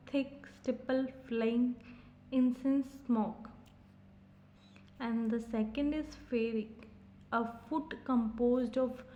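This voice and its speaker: Slow, careful woman reading lecture notes. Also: on the high side, mellow, a little hiss or hum. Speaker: teacher. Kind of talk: exam-prep lecture read from notes. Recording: dull lo-fi recording.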